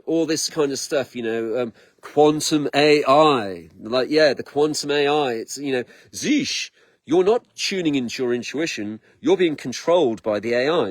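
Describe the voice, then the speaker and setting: Middle-aged male vlogger, excitable rambler, mid pitch, dry close mic. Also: no room sound. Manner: excitable, repeats himself, stumbles over words. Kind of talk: rambling personal vlog monologue. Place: outdoors in his garden.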